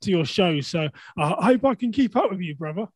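High-voiced Englishman, eager guest. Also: lively intonation, brisk, slight background noise. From England. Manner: eager, friendly. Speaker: podcast guest. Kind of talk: casual podcast conversation.

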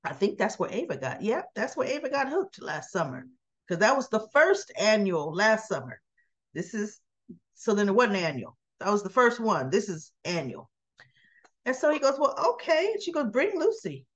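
In slightly dull lo-fi audio, a soap opera reviewer casually recaps a daytime soap episode. Her voice is medium-pitched and moderately paced, and she retells it with animation, acting out the characters' dialogue in quotes.

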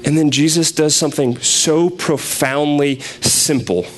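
A young man preaching a sermon, retelling a scripture passage in a conversational, animated storytelling way. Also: fairly high pitch, a little slow, slight background noise.

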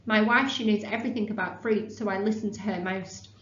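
A woman reading aloud as a kindly older male shopkeeper, speaking in gentle, halting broken phrases. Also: medium pitch, fairly even intonation, natural voice. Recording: echoey, slightly dull, faint hum.

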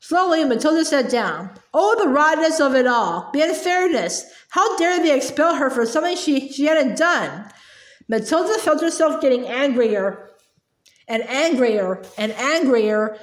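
A woman's voice: high voice, expressive, normal speed. A woman reading a children's novel aloud with expression, stumbling and repeating words now and then, in an echoey room. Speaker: storyteller.

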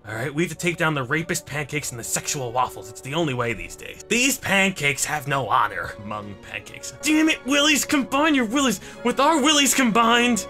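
A man giving comedic gameplay commentary, excitable and mock-serious with crude jokes. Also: on the high side, normal speed, few pauses. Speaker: gaming commentator. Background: background music.

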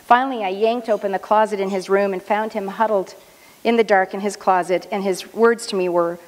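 A woman's voice: mid-range voice, fairly even intonation. Woman speaking earnestly in a reverberant hall. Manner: measured, earnest storytelling. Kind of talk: personal talk at a luncheon. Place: luncheon hall.

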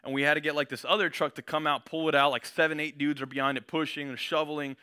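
A man's voice: fairly high pitch, flat delivery, fast talker, pushed and bright, clean tone. A young man giving a casual sermon, slangy and conversational, reading scripture with rising intensity.

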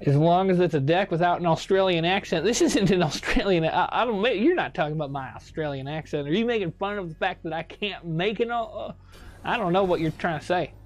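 A man's voice: sits high, a little fast, lightly acted. A man impersonating a touchy, self-assured older male statesman, rambling through comedic gaming commentary in character. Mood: chatty. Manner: rambling, muttering to himself while picking cards.

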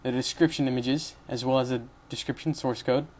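This young man's mid-range voice is darkish and fairly even in intonation, and he talks a little fast. Hosting a casual screen-recorded coding tutorial, he rambles, corrects himself as he goes, and chats with little laughs.

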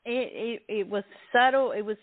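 A woman's voice: fairly high pitch, normal speed, dry recording. Southern lady cohosting a radio chat, giggly, restarts a lot, tinny phone sound, dry. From Southern United States. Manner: bubbly, laughing, talks in restarts. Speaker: radio co-host.

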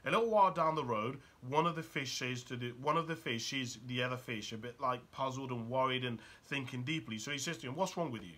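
A man's voice: mid-range voice, a little fast, hardly any pauses, bright, forceful tone. A man talking as a life coach in a motivational monologue, firing off emphatic rhetorical questions.

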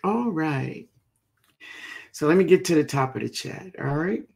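A woman's voice: low voice, expressive, measured pace, gravelly, darkish tone, slightly rough. A woman hosting a gardening live stream, chatting casually and greeting viewers by name.

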